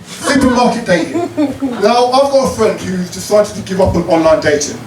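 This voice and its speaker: A cheeky stand-up comedian, his voice riding high and swinging widely as he works the crowd. The sound is roomy and a little distant, like a club stage recording with plenty of noise around him. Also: animated, brisk. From Croydon, South London. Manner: cheeky, punchy, leads call-and-response. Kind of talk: stand-up routine with crowd work.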